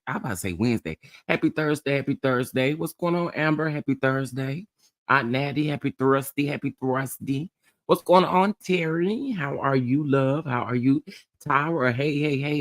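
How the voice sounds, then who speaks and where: A man's voice: medium pitch, no room sound. Sassy, chatty man hosting a live stream. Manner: animated, laughs often, greets chat viewers by name; sassy and chatty, calls people honey, child, baby. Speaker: livestream host. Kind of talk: casual live-stream chat.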